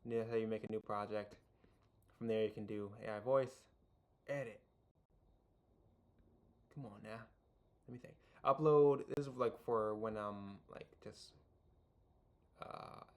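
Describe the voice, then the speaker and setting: A young man with a lowish, level voice speaks at a measured pace with long pauses. Hosting a casual video tutorial, he rambles with many fillers and restarts and cracks self-deprecating jokes in asides.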